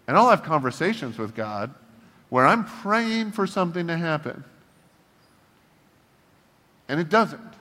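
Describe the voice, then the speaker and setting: A man preaching a casual, humorous sermon as a pastor, acting out blunt prayers to God in a lively voice. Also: a little high, measured pace, long pauses. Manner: animated, humorous, acts out prayers to God in a shifting voice. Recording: long reverb of a large hall.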